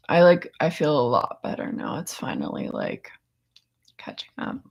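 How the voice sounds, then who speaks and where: A young woman hosting a casual live chat, worn out after a seizure, speaking softly in half-whispers and laughing often. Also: sits low, wildly swooping pitch, measured pace, creaky, slightly rough.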